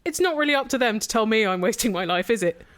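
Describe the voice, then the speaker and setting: A woman co-hosting a podcast, chatting casually with dry, teasing, deadpan humour. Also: a little high, fast. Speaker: podcast co-host. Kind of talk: casual chat.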